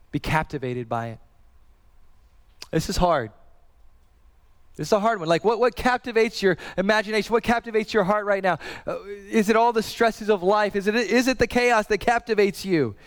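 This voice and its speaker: Man, 30s, pastor, sermon, earnest, conversational, repeats phrases, slightly high voice. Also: moderate pace, clean tone, long reverb tail.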